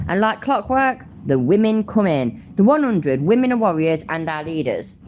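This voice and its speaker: A woman's voice: mid-range voice, animated, normal speed, hardly any pauses, a little mellow, a little hiss or hum. A woman hosting a casual commentary channel from home, sarcastic, swearing freely and laughing easily.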